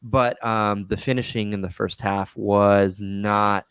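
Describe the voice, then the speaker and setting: Man, podcast host, casual rambling chat, low voice, dry sound. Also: steady tone, slow, fairly bright tone, clear, resonant tone, dry recording. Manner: rambling, many restarts and fillers.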